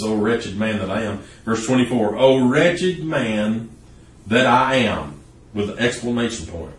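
A man's voice: fairly low pitch, reverberant, far from the mic, slight background noise. A man preaching a sermon earnestly, building to emphatic peaks. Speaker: pastor.

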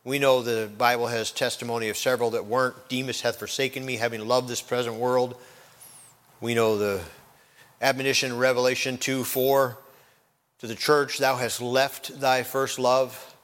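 Middle-aged man, pastor, relaxed conversational sermon delivery, repeats phrases for emphasis. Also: medium pitch, normal speed. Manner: conversational preaching, repeats key phrases, laughs lightly.

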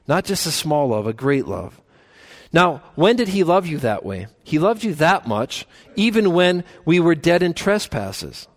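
A man's voice: on the high side, sing-song. Earnest man preaching a sermon. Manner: earnest, rises to emphatic peaks and slows for key phrases. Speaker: pastor. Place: church.

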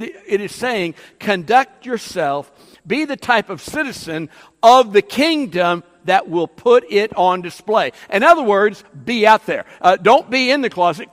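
A man's voice: sits high, fairly bright tone. A man preaching a sermon as pastor, emphatic and rising and falling, with frequent fillers. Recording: long hall reverb.

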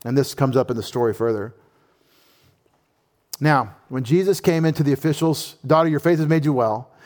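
A man preaching a sermon as pastor, with animated delivery, humorous asides and lively quoted voices. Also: medium pitch, moderate pace.

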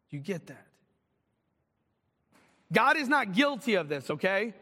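A man preaching a sermon as pastor, swinging from loud, urgent calls to hushed, slow lines. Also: on the high side, very animated, in a large hall.

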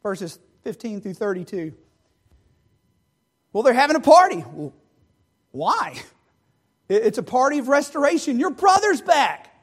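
A husky-voiced man preaches a sermon, very animated yet a little slow, with long pauses. He acts out the characters of a parable in dramatic voices, swinging widely in pitch and loudness.

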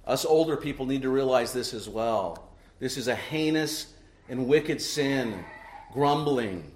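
A middle-aged man preaching in a church, his voice sitting at an ordinary pitch. He presses his points with repeated rhetorical questions and emphatic repetition. The sanctuary gives the voice a noticeable echo. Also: lively intonation, unhurried. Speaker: pastor. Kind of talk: sermon. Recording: echoey church room.

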